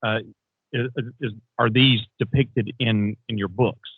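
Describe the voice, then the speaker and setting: A man hosting an interview, asking hesitant questions with restarts and giving soft backchannels. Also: mid-range voice, steady tone, slow pace, gravelly, husky, no room sound. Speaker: podcast host. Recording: tinny phone-like line, dry.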